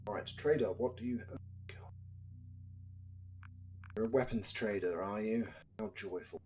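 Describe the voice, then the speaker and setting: Low-voiced British streamer, dry and chatty. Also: male voice, unhurried, a little mellow, a little hiss or hum. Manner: dry, chatty, wry asides. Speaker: gaming live streamer. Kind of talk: casual game commentary.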